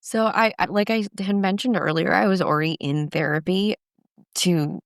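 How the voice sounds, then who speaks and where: Low, gravelly-voiced woman in her forties. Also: moderate pace, dry recording, studio quality. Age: 40s. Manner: reflective, frequent restarts and fillers. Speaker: guest. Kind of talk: candid personal storytelling.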